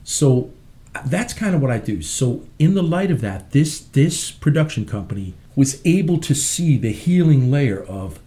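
Rich: A brash man in a casual interview, rambling and cursing freely. His voice is mellow and dark in tone, but it swings widely up and down as he talks. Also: a little high, big pitch swings, normal speed. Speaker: interview guest, musician.

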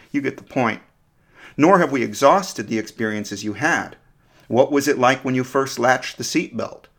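A man reads a scripted podcast episode in a thoughtful, measured way. He talks straight to the listener and keeps asking them questions. His pitch sits in the middle of the usual range for a man. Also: fairly bright tone. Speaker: podcast host. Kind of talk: scripted explanatory narration.

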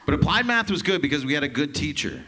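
A man in his thirties from Canada doing a stand-up set, telling profane, rambling stories with quick asides. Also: fairly high pitch, sing-song, bright, forceful tone. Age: 30s. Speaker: stand-up comedian.

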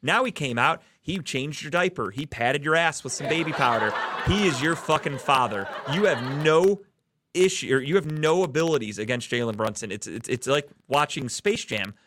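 A man's voice: fairly high pitch, animated, normal speed, noisy background. A man from the Cleveland area hosting a casual sports podcast, ranting heatedly and swearing often. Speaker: podcast host.

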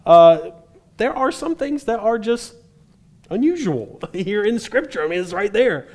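Man, preacher, sermon, conversational, wry asides, slightly high-pitched. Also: normal speed. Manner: conversational, animated retelling with dry humor.

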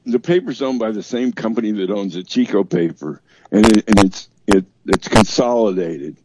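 A man explaining things in a halting, plainspoken way, often restarting his sentences. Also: fairly low pitch, animated, darkish tone, a little hiss or hum, low-quality recording. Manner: halting, repeats himself, plainspoken.

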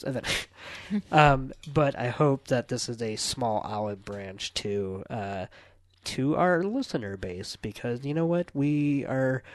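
A man's voice: mid-range voice, no room sound. Rambling podcast guy, dry sound. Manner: rambling, self-correcting, playful. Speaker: podcast co-host. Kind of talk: casual movie podcast chat.

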